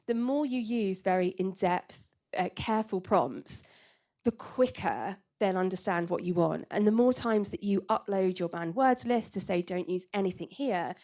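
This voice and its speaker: A woman giving a copywriting workshop talk, chatty and lively, with frequent laughs. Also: medium pitch. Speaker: copywriting trainer.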